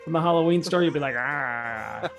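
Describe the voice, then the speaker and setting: Male co-host, slightly high, gravelly, joking and laid-back, faint music behind. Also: fairly even intonation, moderate pace. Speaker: podcast co-host. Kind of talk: casual podcast chat.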